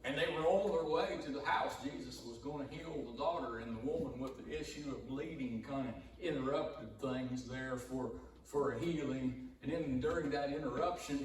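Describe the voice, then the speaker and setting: A man preaching a sermon as pastor, in a slow, conversational way that rises in emphasis when he quotes scripture. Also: medium pitch. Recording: echoey hall, distant mic, room noise.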